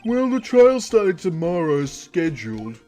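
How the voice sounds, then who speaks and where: Brief: gruff, loyal detective voiced by a man, broad New Zealand drawl, rounded dim-sounding vowels, slow delivery. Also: high voice, sing-song, mellow, soft background music, voice pushed up. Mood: earnest. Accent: put-on broad New Zealand accent.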